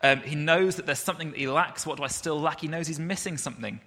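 A man, preaching a sermon in a relaxed, conversational way with self-deprecating asides. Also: a little high, fast. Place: church hall. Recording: reverberant church hall.

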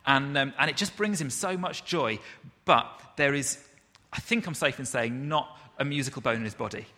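A man, preaching a sermon in a relaxed, conversational way with self-deprecating asides. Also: medium pitch, moderate pace. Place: church hall. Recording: reverberant church hall.

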